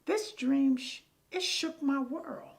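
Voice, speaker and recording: A woman's voice: sits high, slow, creaky, background noise. An older woman telling a personal story with animation, raising her voice to act out the people she quotes. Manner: acts out quoted people in a raised voice. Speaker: storyteller guest. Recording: music playing underneath.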